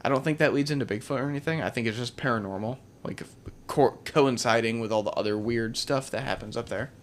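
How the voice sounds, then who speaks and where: A man on a podcast tells a story casually, with lots of swearing and a steady, mid-range voice. He sounds relaxed and loose, like he is talking with friends. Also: mid-range voice, fast, slight background noise. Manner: laid-back storytelling, heavy swearing and filler words. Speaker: podcast host. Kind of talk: casual chat.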